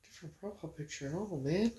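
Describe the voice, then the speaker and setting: A woman speaks casually into her phone on a livestream. She is emotional and halting, and she often breaks off and starts again. Her voice rings around an echoey room. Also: on the low side, mellow. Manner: emotional, halting, with many pauses and restarts.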